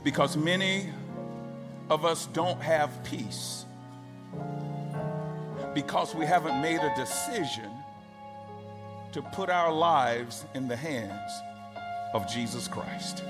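A man's voice: a little high, slow pace, pauses often, big-room sound, over loud music. A man preaching a sermon as pastor, emphatic and rhythmic, building through repeated phrases.

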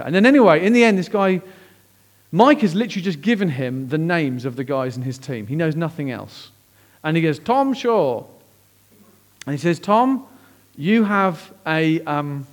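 A man, a pastor preaching a sermon as lively, conversational personal storytelling. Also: fairly high pitch.

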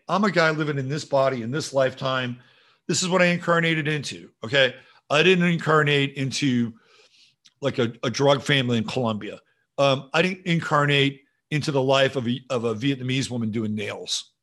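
A man's voice: medium pitch, a bit bright. Rambling, profane male livestream host. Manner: rambling, casual and profane, musing aloud. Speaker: show host. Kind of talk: livestream talk reading viewer comments.

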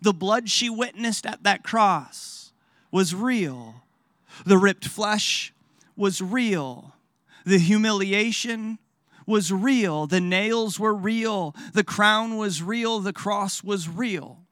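Slow, emphatic male preacher with a high voice. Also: a bit bright, no room sound, clean studio sound. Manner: emphatic, repeats phrases for weight, rhetorical questions. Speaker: pastor. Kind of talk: sermon.

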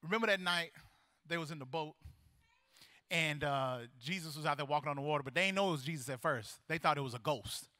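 A male pastor preaching a sermon, animated and building to loud, fervent praise, acting out voices from the story. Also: a little high, fast talker, no room sound, studio quality.

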